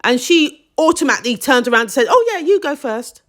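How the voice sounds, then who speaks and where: A woman's voice: high voice, sing-song, a little fast, a bit bright. A woman giving a casual, opinionated review of a TV drama, with emphatic, indignant asides.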